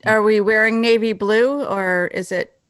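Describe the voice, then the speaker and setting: A middle-aged woman with a New England accent trades playful banter as a co-host, quick to join in the joke. Her pitch is ordinary for a woman. She is recorded close and dry. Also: fairly even intonation, no room sound. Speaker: radio show co-host. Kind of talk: casual banter.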